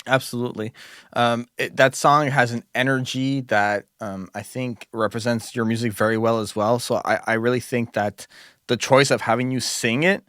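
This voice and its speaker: A man's voice: medium pitch, steady tone, moderate pace, fairly bright tone, clean tone, dry recording, studio quality. A man hosting a podcast, talking casually in an enthusiastic, earnest way. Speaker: podcast host.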